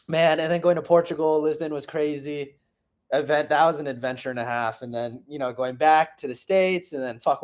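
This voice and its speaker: Rambling, profane young man reflecting. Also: on the high side. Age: 20s. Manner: rambling, profane, excitable, trails off. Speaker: vlogger. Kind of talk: casual personal reflection.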